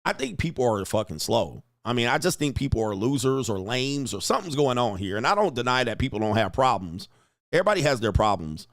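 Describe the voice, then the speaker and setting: Casting: brash, loud male stream host, profane, quick to laugh, dry close mic. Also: medium pitch, no echo. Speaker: online talk show host reading chat. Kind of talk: casual live-stream commentary.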